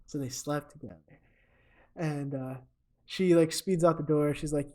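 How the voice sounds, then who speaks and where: A man's voice: on the high side, steady tone, a little slow, a little mellow. A man co-hosting a comedy podcast, recapping a movie in a rambling, casual way with lots of fillers. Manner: rambling, filler-heavy storytelling. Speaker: podcast co-host.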